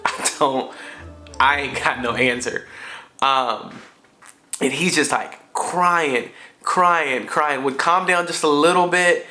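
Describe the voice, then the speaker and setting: A man's voice: on the high side, takes it slowly, pauses often, pushed and bright, soft background music. A father vlogger, a man telling a family story in a slangy, conversational way with frequent fillers. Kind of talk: casual storytelling to camera.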